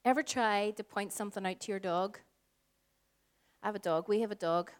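Speaking as a pastor, this woman in her forties from Northern Ireland delivers an earnest sermon in a clean-toned, mid-range voice. Her pace shifts as she goes, with slow, weighty lines giving way to quiet phrases and whispers meant to stress a point.

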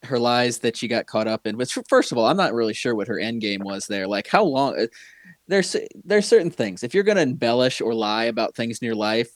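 Man, casual chat, rambling delivery, mid pitch, dry close mic. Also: dry recording. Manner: rambling, self-interrupting with fillers.

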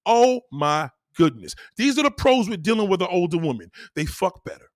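A man's voice: high voice, lively intonation, fast, no echo, clean studio sound. A man hosting a live stream alone, ranting to his chat in a profane, combative, preachy way. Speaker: livestream host.

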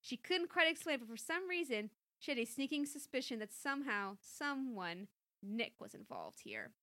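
A woman reading an interactive story aloud, playful and lively between passages. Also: high voice, moderate pace, no room sound. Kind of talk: storybook narration with chat.

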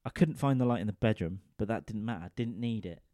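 On a studio microphone, a man fast-talks his way through a crude, wandering comic story, often checking in with his audience. His voice is on the low side with a dark tone, studio quality and free of echo.

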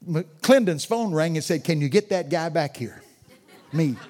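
A man's voice: a little high, animated, unhurried, darkish tone, some chatter behind. An older man preaching a sermon as a guest speaker, telling stories and chatting with people in the audience. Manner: storytelling, chats with audience members.

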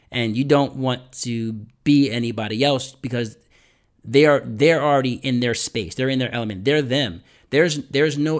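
A man talks straight to his listeners like a motivational coach, hammering each point home by repeating it. He often checks in with a quick "right?" and will sometimes sink to a whisper to pull the listener in. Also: medium pitch. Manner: drops to a whisper for effect. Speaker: podcast host giving speaking tips. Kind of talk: motivational talk to camera.

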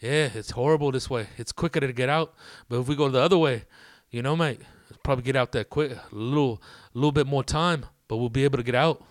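A man's voice: mid-range voice, fast, dry recording, studio quality, lightly acted. A man putting on the voice of an easygoing British tourist with a British accent who keeps saying "mate". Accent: British, put on. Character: laid-back British man, rental car tourist.

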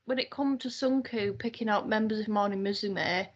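A woman chatting casually, with lots of fillers and an easy, relaxed manner. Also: mid-range voice, normal speed, muffled recording. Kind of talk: casual chat.

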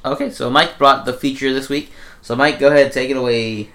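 A young man hosting a casual podcast, relaxed, swearing casually and leading into each segment. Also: medium pitch, fairly quick. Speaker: podcast host.

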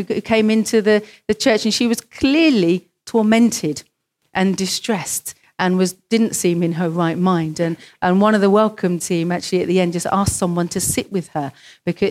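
A woman preaches in a church, leaning on stories from her own congregation. She slips into the voices of the people she quotes as she goes. Her voice sits at a middle pitch and carries a steady, plain delivery. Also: moderate pace. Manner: storytelling, acts out quoted voices. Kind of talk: sermon.

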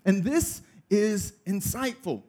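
A man in his thirties preaching a sermon, telling a funny family story with lively energy. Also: high-pitched, slow. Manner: storytelling, animated, laughing through funny story. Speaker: pastor.

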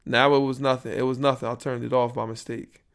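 Slangy young man podcasting with gravelly voice. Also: mid-range voice, level tone, a little fast. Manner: rambling, troubleshooting audio live, slangy. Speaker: podcast host. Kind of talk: casual solo podcast chat. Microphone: built-in computer microphone.

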